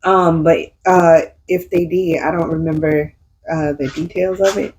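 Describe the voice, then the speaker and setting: A woman's voice: sits low, a little slow, a little hiss or hum, rough recording. A woman co-hosting a casual chat, telling stories with acted-out quotes, laughing often. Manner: animated storytelling, acting out quotes, laughs often. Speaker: podcast co-host.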